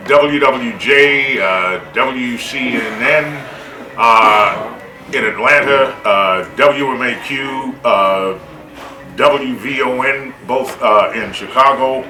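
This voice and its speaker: An older radio announcer talks slowly, taking his time between phrases. His voice echoes in the room over music, picked up by a camera from across the table. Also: mid-range voice. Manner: slow and unhurried, with many pauses and fillers. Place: reunion gathering in a restaurant.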